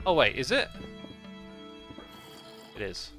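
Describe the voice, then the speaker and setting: A man's voice: mid-range voice, animated, normal speed, pushed and bright, soft background music. A man streaming a game live, chatting and muttering to himself as he plays. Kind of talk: casual gaming livestream commentary.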